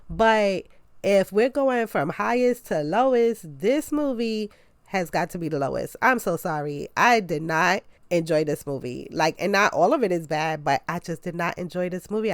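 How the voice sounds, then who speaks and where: A woman talks through a casual movie review, a little stuffed-up from a cold. Her voice sits on the low side for a woman, chatty and expressive, and she leans on "like" as she goes. The sound is dry and close, with no room echo. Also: normal speed. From New York. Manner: chatty and expressive, leans on "like", jumps up in pitch for emphasis.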